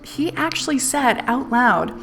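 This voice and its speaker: A woman's voice: high-pitched, lively intonation, unhurried, fairly bright tone. Candid woman telling a story. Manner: candid, swears freely, laughs while telling. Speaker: streamer. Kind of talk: casual storytelling on a live stream. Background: faint music playlist.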